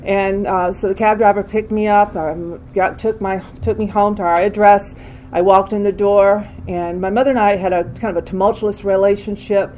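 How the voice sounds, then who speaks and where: Older woman telling her story haltingly. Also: mid-range voice, fairly even intonation, darkish tone, a little hiss or hum, poor audio. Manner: halting, candid, frequent restarts. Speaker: speaker sharing a recovery story. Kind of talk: personal testimony.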